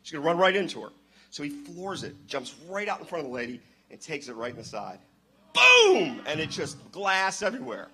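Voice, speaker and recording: Man, animated church storyteller, swooping lively pitch, bright forceful tone, loud outbursts. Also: fast. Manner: excitable, bursts into loud exclamations. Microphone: handheld microphone.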